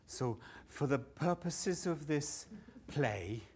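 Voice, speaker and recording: A stand-up comedian telling a long rambling story at a live show, swearing freely and often laughing at himself. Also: male voice, fairly high pitch, lively intonation, slow, darkish tone, a little hiss or hum.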